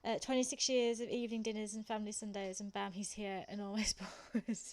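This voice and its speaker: A woman's voice: mid-range voice, little pitch movement, brisk. A young woman from England with a Black Country accent, chatting casually with viewers while streaming a game and laughing often. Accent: Black Country (West Midlands English). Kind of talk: casual chat while gaming.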